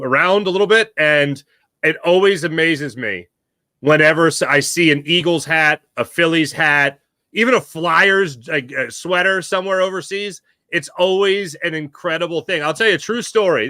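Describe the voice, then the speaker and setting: A man, the guest on a sports podcast, chatting casually and telling lively stories, acting out what people said to him. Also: a little high, no echo. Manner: animated storyteller, acts out quotes.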